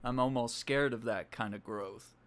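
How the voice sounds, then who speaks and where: Easygoing podcast host with a smooth voice. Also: male voice, medium pitch, normal speed, fairly bright tone. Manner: easygoing, laughs often. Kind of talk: casual chat.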